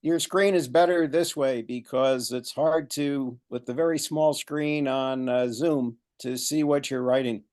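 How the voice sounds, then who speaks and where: A man's voice: mid-range voice, fairly even intonation, a little slow, few pauses, darkish tone. A male adult student joins a beginner language class from home over a video call. He speaks in a plain, friendly way. He talks casually to his teacher. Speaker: student joining by Zoom.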